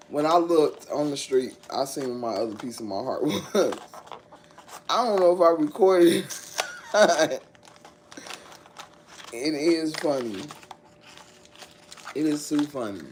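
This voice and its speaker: Slow-talking woman chatting on a livestream. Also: sits low, a little hiss or hum, poor audio. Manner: animated storytelling with frequent laughter. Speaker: livestream host. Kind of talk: casual livestream chat.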